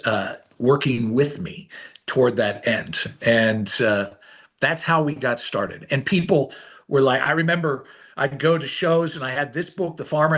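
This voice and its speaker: A middle-aged man, an author and illustrator, telling his story in an interview, swinging between hushed and excited delivery. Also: medium pitch.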